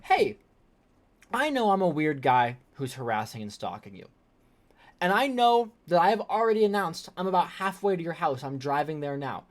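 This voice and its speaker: A pushy, oblivious creep cooing that everything is fine, all sing-song parody, put on by a commentator. The voice swoops up into giggly highs and drops back into a hushed, falsely calm murmur. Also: normal speed, lightly acted. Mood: mock-soothing. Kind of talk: sarcastic commentary reading.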